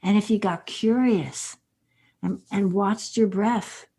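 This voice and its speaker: A woman's voice: mid-range voice, takes it slowly, dark tone, slightly rough. Older woman telling earnest stories. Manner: earnest storytelling with quoted dialogue. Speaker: guest author. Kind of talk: podcast interview.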